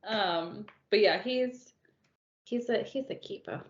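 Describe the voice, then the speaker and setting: Speaking slowly in a mid-range voice, a podcast co-host tells stories and laughs frequently during a relaxed book chat. The audio has a dull, lo-fi, roomy quality.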